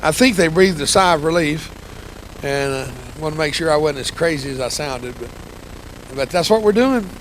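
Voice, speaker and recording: An older man with a drawl tells war stories from the pulpit, his voice sitting a little high for a man. He is folksy and self-deprecating, switching into quoted dialogue, with a faint hiss of noise behind him. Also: moderate pace, low-quality recording. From United States. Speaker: guest speaker, veteran. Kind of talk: storytelling sermon talk.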